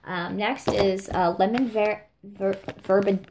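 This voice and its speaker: A woman's voice: mid-range voice, steady tone, slow, darkish tone, a little hiss or hum. A woman reviewing products in a casual, gushing chat, a little sniffly, full of fillers. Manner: gushing, chatty, many fillers, addresses viewers as y'all. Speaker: vlogger reviewing scented products.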